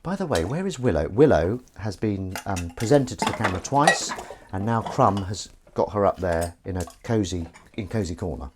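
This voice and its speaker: A man's voice: low voice, animated, moderate pace, noisy background. A man chatting casually on a live stream while washing up, rambling, joking and swearing freely.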